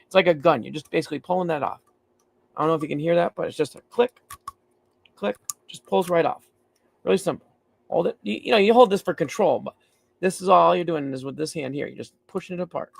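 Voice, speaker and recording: A man's voice: fairly high pitch, quick pace, gravelly. A man hosting a live stream, casually demonstrating lab safety step by step in a blunt, repetitive way, swearing now and then. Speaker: streaming host teaching mycology safety. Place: dim room at home.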